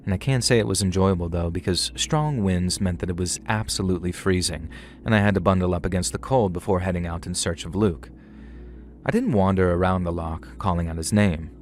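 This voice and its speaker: A middle-aged man narrating a scripted horror story in a measured, wry storytelling manner. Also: deep voice, slight background noise. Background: faint music.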